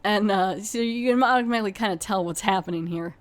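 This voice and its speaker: A woman's voice: medium pitch, fast. A woman hosting a podcast, chattily retelling a television episode with many fillers like "you know". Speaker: podcast host. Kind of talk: casual plot retelling.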